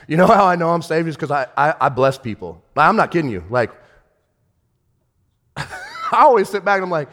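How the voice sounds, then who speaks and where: High-voiced preaching man in a reverberant hall. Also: expressive, normal speed, pauses often. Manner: swings from shouting rebukes to hushed, tender storytelling. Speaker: pastor. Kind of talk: sermon.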